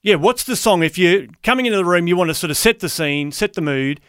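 An easygoing Australian man co-hosting breakfast radio, his voice a bit higher than most men's. The sound is dry and close. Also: expressive, fast talker, a bit bright, clear, resonant tone, no echo. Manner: easygoing, hesitant, laughs a lot. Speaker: radio co-host.

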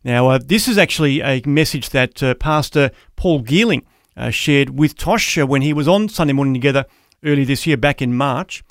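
A man filling in as a Christian radio host, leading into communion with many hesitant pauses. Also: medium pitch, dry recording, clean studio sound. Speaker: radio show fill-in host.

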